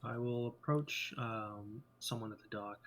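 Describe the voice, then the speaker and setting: A man's voice: mid-range voice, unhurried, a bit bright, slight background noise. A man playing a tabletop game in character, speaking politely and formally with hesitations. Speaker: player.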